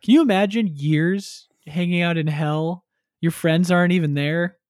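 A man's voice: a little high, moderate pace, a little mellow, no room sound, clean studio sound. A man chatting casually on a podcast, retelling a story and acting out characters with crude humor. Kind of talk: casual chat.

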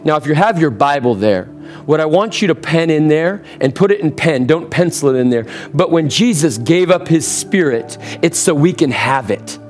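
A man preaching a sermon to a live congregation, energetic and calling for responses. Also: a little high, moderate pace, faint music behind. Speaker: pastor. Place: church sanctuary with congregation.

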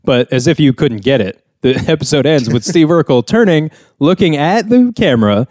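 A man's voice: a little high, expressive, normal speed, a little mellow, no room sound. A man hosting a casual comedy podcast over a video call, rambling through an episode recap with plenty of laughs. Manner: rambling, laughs often, acts out quotes. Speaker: podcast host. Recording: dry remote call audio.

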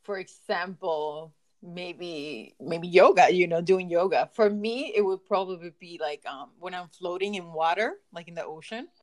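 A woman's voice: fairly low pitch, normal speed, hardly any pauses, a little mellow. A woman with a foreign accent hosting a casual podcast chat, upbeat and giggly, often trailing off mid-sentence. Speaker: podcast host.

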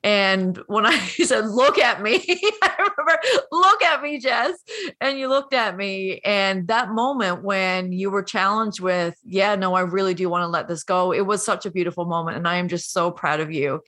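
A woman's voice: medium pitch, fairly even intonation, moderate pace, hardly any pauses. A woman who coaches and hosts, speaking emotionally and encouragingly to a guest, near tears at times. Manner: warm, encouraging, tearful at times. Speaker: coach and host. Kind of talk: emotional conversation.

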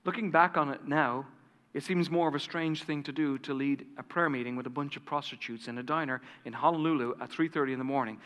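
Bright-voiced male pastor telling a story. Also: fairly high pitch, steady tone, fast. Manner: dramatic storyteller, drops to a hush. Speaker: lead pastor. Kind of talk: storytelling sermon. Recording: reverberant church hall.

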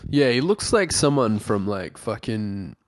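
A man's voice: lowish voice, big pitch swings, a little slow, dry recording, clean studio sound. A man co-hosting a casual film-review podcast, chatty and laid-back, swearing casually. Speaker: podcast co-host.

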